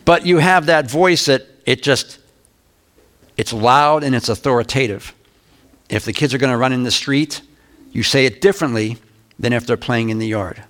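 An older man preaching a verse-by-verse Bible lesson, reading scripture aloud slowly and turning to the congregation with conversational asides. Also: medium pitch, a bit bright. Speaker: pastor. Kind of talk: Bible teaching sermon.

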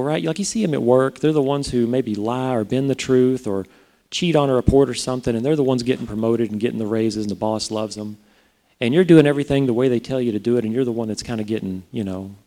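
A pastor with a medium-pitched, dark-toned voice preaches in a conversational way, frequently putting rhetorical questions to those listening.

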